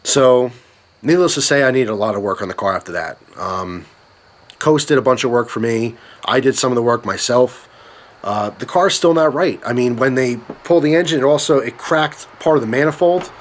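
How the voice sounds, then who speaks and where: A man's voice: mid-range voice, animated, moderate pace. A young man telling a story in a vlog, swearing often and ranting with anger. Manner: profane, ranting. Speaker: vlogger.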